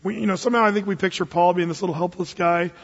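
A man's voice: high voice, steady tone, racing. A man preaching an expository sermon as a pastor, in a conversational, folksy style with dramatic Bible readings. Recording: dull lo-fi recording with long reverb.

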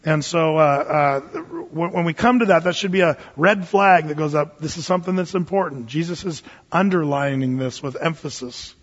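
Folksy male pastor, high husky voice, emphatic Bible teaching, muffled hall reverb. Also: moderate pace. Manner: folksy, emphatic, chatty asides. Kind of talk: conversational verse-by-verse bible teaching. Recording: dull, echoey hall recording.

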